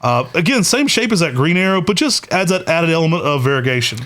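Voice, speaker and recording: Eager man with a higher voice. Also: lively intonation, fast talker, fairly bright tone. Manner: enthusiastic, with frequent "uh" fillers. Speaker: podcast co-host. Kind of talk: casual podcast chat.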